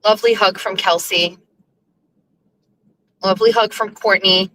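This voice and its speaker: A woman's voice: mid-range voice, steady tone, a little slow, a bit bright, slight background noise, rough recording. Chatty, profane woman talking while driving. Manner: chatty, scattered, blunt and profane. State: emotional and overwhelmed. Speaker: host. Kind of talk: casual live-stream chat while driving. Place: car, driving.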